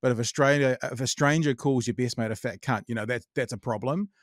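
A man's voice: medium pitch, a little fast, no echo, studio quality. A man hosting a podcast, talking casually and reflectively and summing up what his guest has said. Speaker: podcast host. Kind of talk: casual interview conversation.

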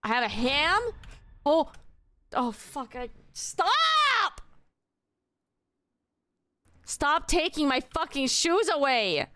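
Bright, animated young woman streamer. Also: sits high, slow pace. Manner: exasperated, swearing, yelling at chat. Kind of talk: live game streaming.

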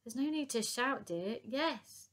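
A woman reading aloud, voicing an elderly cleaning lady who is scatterbrained and chirpy, with a high, muddled delivery. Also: expressive, takes it slowly.

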